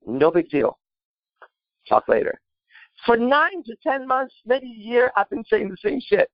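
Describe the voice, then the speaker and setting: A man's voice: very high voice, big pitch swings, measured pace, pauses often, no echo, highs cut off. A man answering a listener question in brash, profane casual talk, boastful and rambling with filler words.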